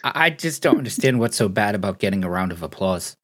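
A man with a very deep voice talks casually on a podcast and makes jokes. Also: expressive, fast talker, fairly bright tone. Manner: laid-back, joking. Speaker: podcast co-host.

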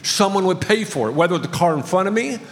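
High-voiced pastor in a reverberant hall. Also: male voice, animated, quick pace, creaky. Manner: storytelling with light humor. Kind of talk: sermon. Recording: long reverb of a large hall.

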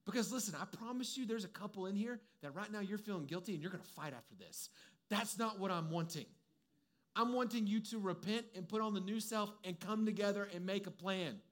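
A man's voice: sits high, expressive, fairly quick, a bit bright. A young adult man giving a conversational, humorous sermon as a preacher, mixing personal stories with direct advice.

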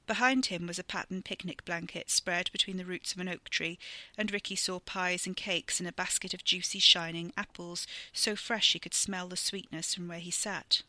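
A storyteller narrates in a vivid, steady way, in a very bright and sharp voice with a gravelly grain. The recording is dry and close, with no room sound. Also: mid-range voice, normal speed, dry recording. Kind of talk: scripted narration.

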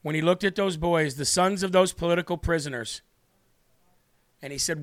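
A man on the high side, talking at normal speed with frequent pauses, hosts a live stream. He offers earnest political commentary, repeating himself and tearing up for emphasis.

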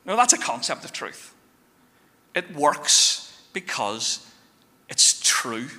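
A man preaching a sermon as pastor, telling stories with lively shifts between quick bursts and slow, weighty phrases. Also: mid-range voice. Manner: animated storytelling, shifting fast and slow. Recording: long hall reverb.

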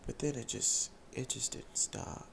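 A young man telling an emotional, excited personal testimony, repeating phrases as he speaks. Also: a little slow, background noise.

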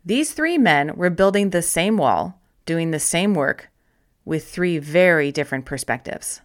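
A woman narrating a self-help audiobook in a gentle, encouraging way, with slow, deliberate emphasis on key words. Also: on the low side, lively intonation.

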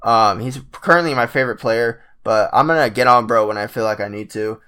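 A man's voice: medium pitch, fairly quick, bright, forceful tone, smooth. A young man, sick and with a cracking voice, ranting in casual commentary as a frustrated basketball fan who swears a lot. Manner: exasperated, swears a lot, many fillers.

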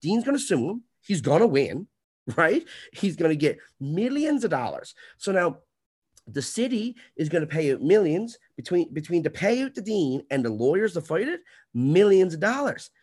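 A man's voice: on the high side, big pitch swings, normal speed, a little mellow, slightly rough. Heated, profane man ranting. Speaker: podcast host. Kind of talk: casual chat.

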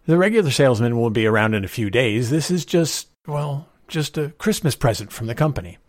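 Flustered earnest young man, halting and eager, read by a male narrator. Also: medium pitch, expressive, a little mellow, dry recording, studio quality, voice pushed up, natural voice. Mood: nervous polite.

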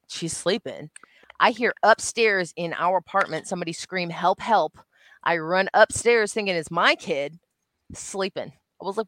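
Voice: medium pitch, a bit bright, dry recording. A speaker telling a ghost story in casual podcast chat, chatty and casually profane.

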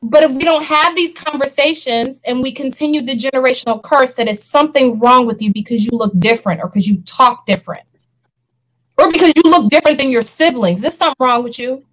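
A woman's voice: high-pitched, a little fast, rough recording. A woman co-hosting a casual panel discussion, talking earnestly and laughing often. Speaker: podcast co-host.

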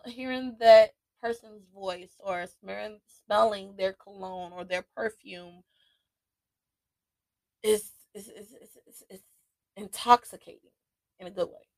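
A woman hosting a podcast, talking slowly and thoughtfully with frequent restarts and laughter. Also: medium pitch, no echo. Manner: slow, reflective, with restarts and laughter. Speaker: podcast host. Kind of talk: casual solo podcast talk.

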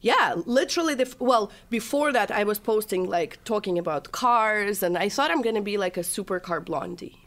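A woman's voice: medium pitch, expressive, moderate pace, hardly any pauses, fairly bright tone. A young woman from Russia, a TikTok comedian guest, chatting casually and telling stories with laughs and acted-out quotes. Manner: chatty storyteller, laughs often, acts out quotes. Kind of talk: casual interview chat.

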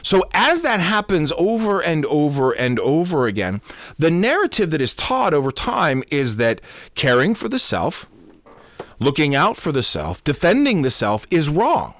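A man's voice: on the high side, wildly swooping pitch, unhurried, fairly bright tone, dry recording. A man who is a Lutheran pastor hosting a podcast, giving an unscripted teaching talk that often repeats and corrects itself and checks in with "okay?". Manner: repetitive, self-correcting, asks "okay?" often.

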